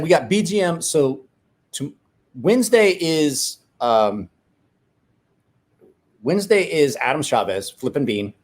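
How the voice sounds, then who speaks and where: A man hosting a casual livestream from home, telling rambling, profane stories while drinking a beer, with frequent restarts. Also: mid-range voice. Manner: rambling, profane, self-correcting. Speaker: livestream host. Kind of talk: casual storytelling chat.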